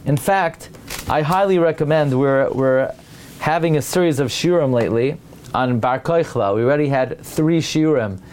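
A man's voice: normal speed, slight background noise. A man giving a Torah lecture, weaving in many Hebrew and Aramaic terms, and his voice climbs as he builds each point. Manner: animated, rising pitch when building a point. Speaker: rabbi giving a Torah class.

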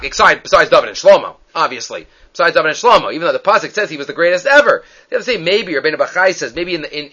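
A man teaching a verse-by-verse Bible lesson, quoting Hebrew verses and translating them as animated storytelling. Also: sits high, muffled recording. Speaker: Torah teacher.

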